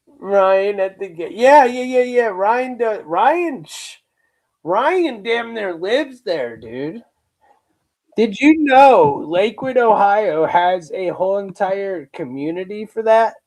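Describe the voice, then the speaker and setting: A man's voice: sits high, expressive, slow, a little mellow, rough recording. A young man hosting a livestream, rambling through a story in casual slang and chatting to viewers. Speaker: livestream host.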